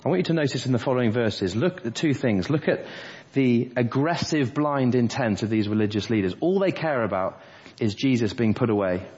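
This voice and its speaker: A man delivering a sermon, his voice husky and a little breathy. He talks earnestly through the passage verse by verse. The sound is dull and lo-fi, with a long reverb from the church hall. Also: medium pitch, expressive, fairly quick, darkish tone. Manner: earnest expository preaching, quoting scripture verse by verse. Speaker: preacher.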